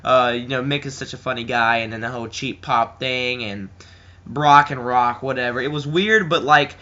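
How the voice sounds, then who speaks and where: A teenage boy giving a rambling, casual video review, with lots of fillers, who slips into a higher voice when he quotes people. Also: steady tone, normal speed, bright, forceful tone, highs cut off. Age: teens. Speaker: wrestling reviewer. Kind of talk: casual chat.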